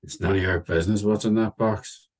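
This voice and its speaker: A man playing a gruff, secretive hitchhiker who answers in curt, unfriendly snaps. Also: lowish voice, fairly even intonation, brisk, a little mellow, natural voice.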